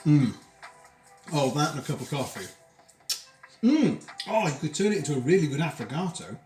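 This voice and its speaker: A man's voice: fairly high pitch, sing-song, normal speed, darkish tone, faint music behind. A man hosting a casual live cooking stream from his home kitchen, chatting while he eats. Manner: chatty, talks while eating. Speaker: streamer host.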